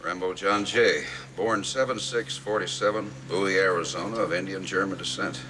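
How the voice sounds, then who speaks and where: An actor playing a stern middle-aged government official, dryly reading out a personnel file in a film clip. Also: male voice, low-pitched, fairly even intonation, normal speed, pushed and bright, slight background noise. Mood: dry, sardonic.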